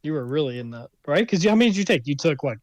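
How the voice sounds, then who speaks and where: A man in casual chat as a podcast guest, quizzing a friend with quick questions. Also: a little high, very animated, no echo.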